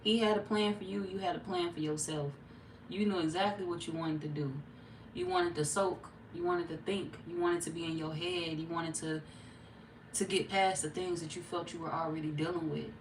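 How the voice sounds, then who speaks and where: Woman tarot reader, low voice, chatty and slangy, laughs a lot. Roomy, off-mic sound. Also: steady tone, normal speed, slight background noise. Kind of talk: casual tarot reading to viewers. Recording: roomy echo, distant mic.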